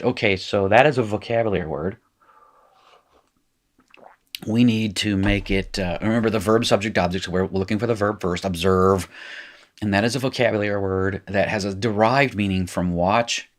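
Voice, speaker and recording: Low-voiced middle-aged male teacher, chatty, explains as he goes. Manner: chatty, explanatory, thinking aloud. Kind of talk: recorded screen lesson.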